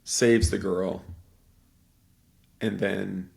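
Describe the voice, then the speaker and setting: Gravelly man rambling through a movie retelling. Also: low-pitched, steady tone, very slow, darkish tone. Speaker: podcast host. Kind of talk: casual podcast chat.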